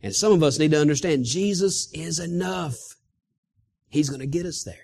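A male pastor preaching an animated sermon, often chuckling as he speaks. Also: on the high side, normal speed.

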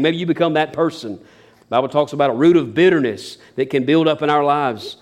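Animated preacher with folksy humor. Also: male voice, mid-range voice, quick pace. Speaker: pastor. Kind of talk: sermon.

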